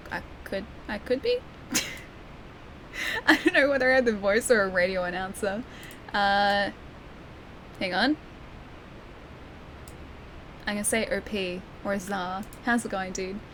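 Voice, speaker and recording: Playing a game on stream, a young Australian woman keeps up chatty, giggly commentary and reads the chat out loud. She has a medium-pitched, fairly bright voice, with slight noise in the background.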